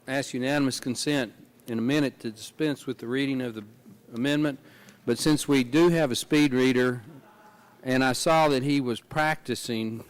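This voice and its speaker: Male lawmaker, folksy and wry, formal hearing remarks. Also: mid-range voice. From Texas. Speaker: committee member.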